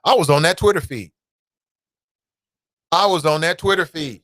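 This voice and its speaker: A man hosting a talk show with an American Midwest accent, giving casual commentary, animated and laughing, swinging from loud outbursts to low asides. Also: moderate pace, dry recording, studio quality.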